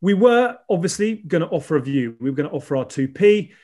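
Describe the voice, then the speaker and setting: A man's voice: on the high side, big pitch swings, quick pace, darkish tone. A man hosting a podcast, delivering a rhetorical, emphatic opening before chatting casually. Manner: rhetorical and emphatic, building lists. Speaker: podcast host. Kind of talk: scripted monologue, then casual chat.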